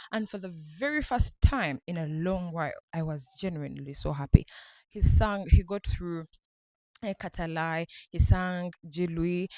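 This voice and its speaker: A woman vlogger from Uganda excitedly retelling a night out, laughing often as she talks. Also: fairly low pitch, no echo, clean studio sound. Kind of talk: casual storytelling vlog.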